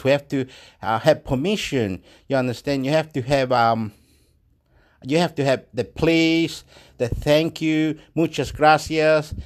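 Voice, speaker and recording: Chilean guy talking english to the camera, slightly high voice, repeats himself a lot, swears. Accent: Chilean Spanish. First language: Spanish. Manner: rambling, repetitive, emphatic, swears. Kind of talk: rambling monologue to camera.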